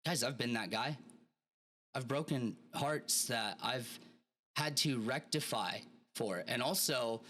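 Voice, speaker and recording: A man's voice: medium pitch, slow pace, pushed and bright. A man hosting a motivational podcast, telling stories casually and animatedly with plenty of slang. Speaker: podcast host. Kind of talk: motivational monologue.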